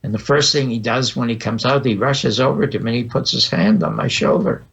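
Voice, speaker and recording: Gravelly older man telling stories. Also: medium pitch, brisk, fairly bright tone. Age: 80s. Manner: vivid anecdotal storyteller, acting out dialogue. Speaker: podcast guest. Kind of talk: storytelling interview. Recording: dull lo-fi audio.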